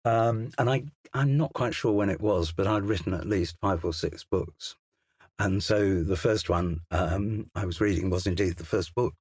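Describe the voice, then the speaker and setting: Older english guy, low-ish husky voice, stops and restarts a lot, dry studio sound. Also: dry recording. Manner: hesitant, self-deprecating, full of restarts and asides. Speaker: crime novelist and guest. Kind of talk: casual interview chat. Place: recording studio.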